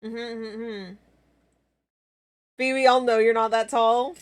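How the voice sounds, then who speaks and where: High, giggly woman streaming. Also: level tone, unhurried, long pauses. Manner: giggly and playful, bursts into squeals and laughter. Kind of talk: casual live-stream chat.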